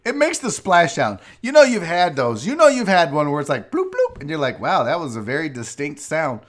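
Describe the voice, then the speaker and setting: A man's voice: extremely high pitch, sharp tone. A man hosting a casual live-stream show, ranting with profanity while a bit tipsy from drinking. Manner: profane, rambling rants. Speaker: show host.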